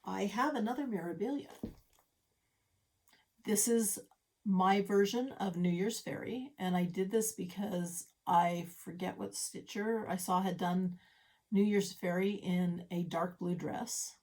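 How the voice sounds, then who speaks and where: Woman, middle-aged, chatty vlog, rambling asides, home craft room, mid pitch. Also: steady tone, measured pace, a little mellow. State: a little out of breath. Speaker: stitching vlogger. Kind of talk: casual show-and-tell vlog.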